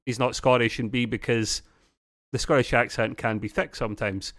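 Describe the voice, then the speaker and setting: Male podcast co-host, mid pitch, chatty and teasing, dry close mic. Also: fairly even intonation, a bit bright, dry recording. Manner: chatty, teasing, quick to laugh along. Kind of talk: casual podcast chat.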